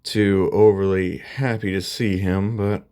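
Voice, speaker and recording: A man's voice: sits low, steady tone, measured pace, dark tone, a little hiss or hum. Man voicing a blunt cocky teen hero. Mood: dry. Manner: blunt, offhand, teasing.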